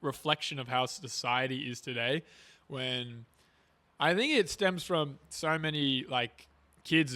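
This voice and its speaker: A young man in his twenties in a relaxed podcast chat, reflective and full of "like" and "you know". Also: medium pitch.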